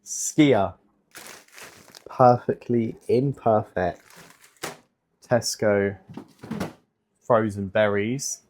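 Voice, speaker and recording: A man's voice: lowish voice, very slow, long pauses, a little mellow, slight background noise. A young man in casual vlog chat, rambling with many fillers and swearing, a fitness vlogger.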